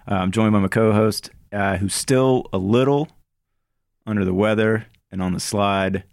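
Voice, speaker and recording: A man's voice: fairly low pitch, moderate pace, vocal fry, a little mellow, clear, resonant tone, no room sound. A man hosting a casual movie podcast, chatty and joking, with plenty of filler words. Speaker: podcast host. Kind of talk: casual chat about movies.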